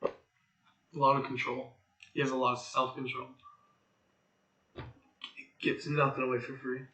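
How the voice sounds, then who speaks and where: A young man with a raspy throat muses his way through a casual tarot reading, leaning on fillers and half-finished thoughts. His voice has a bright, sharp edge, and it rings in an echoey room. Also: mid-range voice, little pitch movement, unhurried. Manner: rambling, filler-heavy, musing aloud. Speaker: tarot reader.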